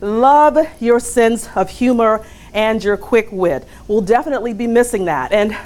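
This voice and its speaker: A woman recording a farewell message to a coworker, telling a story with slow, emphatic punchlines. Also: on the high side, a little mellow.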